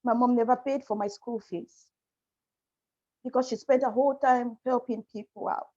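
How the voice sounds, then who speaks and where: A woman's voice: a little high, steady tone, mellow. Emotional woman on a muffled call. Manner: emotional, halting, apologetic. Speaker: panel guest, musician. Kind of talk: personal testimony on a video panel. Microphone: video call. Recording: muffled lo-fi video call audio.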